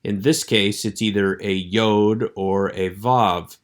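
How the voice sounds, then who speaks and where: A man giving a recorded lecture on Hebrew vowels, explaining steadily and slowing down to model each sound. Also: on the low side, fairly even intonation. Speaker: Hebrew instructor.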